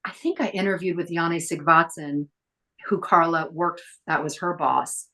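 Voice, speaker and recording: Middle-aged woman, podcast guest, chatty storyteller, slightly low voice. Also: steady tone, moderate pace, sharp tone. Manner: chatty, acts out quoted voices. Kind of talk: casual storytelling interview.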